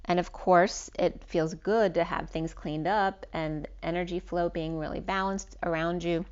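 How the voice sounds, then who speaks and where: A woman's voice: on the low side, steady tone, unhurried, a little mellow, smooth, lo-fi sound. A woman giving a spiritual tarot reading as the channel's host. She talks in a rambling way and often restarts her words. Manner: rambling, with frequent restarts and ums. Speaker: tarot reader.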